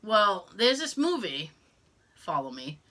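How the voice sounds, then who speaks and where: A woman co-hosting a podcast, telling a story in casual chat, animated and exasperated, swearing freely and joking. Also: mid-range voice, takes it slowly. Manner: jokey, contradicts herself for laughs. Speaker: podcast co-host.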